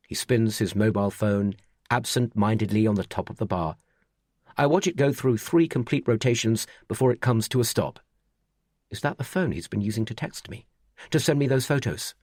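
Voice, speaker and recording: A man reading a first-person thriller audiobook in an even, measured way. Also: on the low side, no echo, clean studio sound. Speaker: audiobook narrator.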